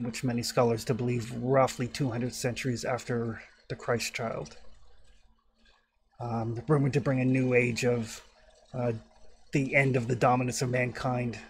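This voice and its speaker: Male GM playing a solemn male keeper of occult books, measured delivery. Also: mid-range voice, close to an everyday voice.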